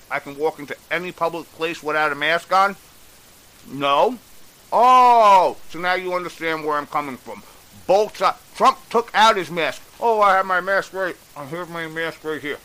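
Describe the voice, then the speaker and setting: A man's voice: a little high, bright, forceful tone, low-quality recording. A man delivering a blunt, exasperated opinion rant on a vlog, swearing freely as he goes. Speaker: political commentator.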